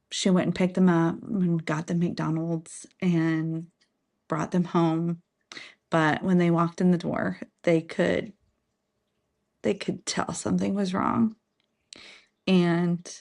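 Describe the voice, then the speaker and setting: A woman's voice: lowish voice, darkish tone. A woman in her thirties, a podcast guest, candidly and earnestly sharing a personal story in an interview. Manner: candid, earnest, faith-filled. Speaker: podcast guest, single mother.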